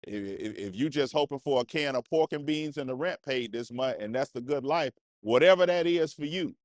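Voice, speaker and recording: A man vlogger gives a preachy yet conversational motivational talk while sitting on a cushion indoors, often repeating and restarting phrases. His medium-pitched voice has lively intonation at a normal pace, and the studio sound is clean with no room echo.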